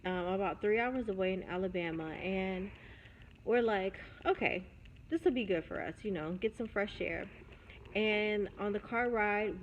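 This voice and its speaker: Slow-talking woman telling a personal story. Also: medium pitch, highs cut off, a little hiss or hum. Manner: candid, reflective, with pauses and restarts. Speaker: vlogger.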